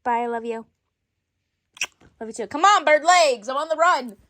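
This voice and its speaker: A woman performing an improvised skit, switching rapidly between many bickering characters in different voices. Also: sits high, expressive, a bit bright, no room sound. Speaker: storyteller voicing every character. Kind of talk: improvised doll-play skit.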